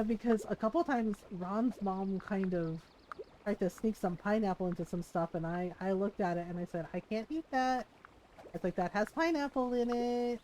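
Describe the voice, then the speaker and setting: A woman's voice: on the high side, a little mellow, a little hiss or hum, poor audio. A woman streaming a farming game, chatting casually and telling stories while she plays, acting out quotes and laughing often. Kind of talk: casual chat while gaming.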